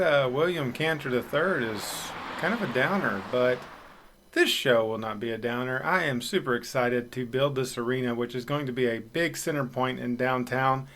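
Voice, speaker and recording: A man's voice: medium pitch, fairly bright tone. A man hosting a city-building let's play, casual commentary with a chatty, self-deprecating way and frequent fillers.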